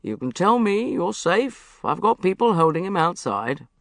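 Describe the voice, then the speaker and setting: A calm, reassuring police inspector who talks slowly and evenly, as an audiobook reader puts him on. His voice is gravelly and sits a bit further back, yet the booth stays dry. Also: medium pitch, no room sound. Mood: calm wry.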